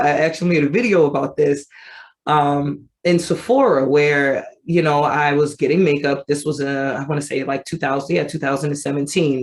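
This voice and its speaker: A woman in her thirties telling her personal story as an advocate, conversational and animated, acting out her remembered thoughts. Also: low-pitched. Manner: conversational with frequent fillers. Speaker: vitiligo advocate.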